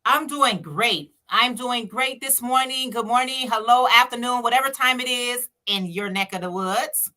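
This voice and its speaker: A woman's voice: fairly high pitch, normal speed, few pauses, sharp tone. A woman joining a livestream as a guest, upbeat and friendly in casual chat.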